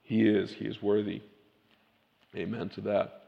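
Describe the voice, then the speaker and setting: A man's voice: fairly low pitch, little pitch movement, unhurried, creaky, highs cut off. Man preaching in an echoey hall. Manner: reads scripture with rising, emphatic intensity; conversational asides between readings. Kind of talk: sermon with scripture reading.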